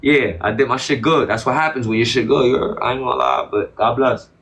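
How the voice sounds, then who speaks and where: Emphatic slangy man, bright voice. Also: medium pitch, animated, brisk. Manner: emphatic, repetitive, slangy and defensive. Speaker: interview guest. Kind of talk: casual interview talk.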